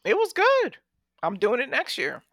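A woman co-hosting a podcast who tells stories in an expressive, emphatic way over casual chat. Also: high-pitched, normal speed, no echo, studio quality. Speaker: podcast co-host.

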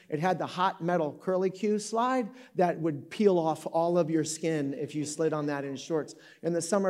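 A man's voice: a little high, darkish tone. A man in his fifties from Michigan, preaching in a conversational way to a live audience in an auditorium, joking and correcting himself as he tells a story. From Michigan, USA. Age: 50s. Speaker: pastor.

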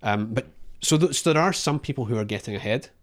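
A man's voice: mid-range voice, animated, fast. A man co-hosting a podcast, talking casually with many restarts and fillers. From Australia. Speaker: podcast co-host.

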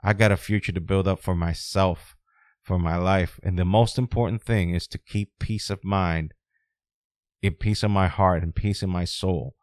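A man hosts a solo podcast, ranting in a blunt, profane way. His lowish voice sinks low and quiet, then climbs loud and high when he gets heated. The sound is dry and close, with no room echo. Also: steady tone, moderate pace, clear, resonant tone. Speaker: podcast host.

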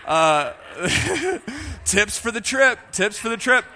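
High, bright-voiced joking male preacher. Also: a little slow, in a large hall. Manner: jokey, animated, talks to the congregation. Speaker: pastor. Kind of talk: sermon.

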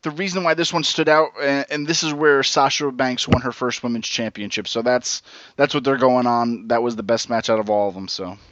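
A man's voice: mid-range voice, a little fast, a bit bright, dry recording. Rambling man co-hosting a podcast. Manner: rambling, loses his thread, many restarts. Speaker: podcast co-host. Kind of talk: casual podcast chat. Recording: dull, dry lo-fi recording.

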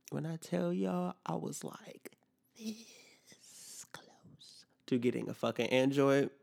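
A young man tells a story on his podcast in a loose, swearing rant, playing out every exchange as he goes. His voice has a gravelly edge and sits at an ordinary pitch for a man. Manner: animated, profane, acts out both sides of conversations. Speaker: podcast host.

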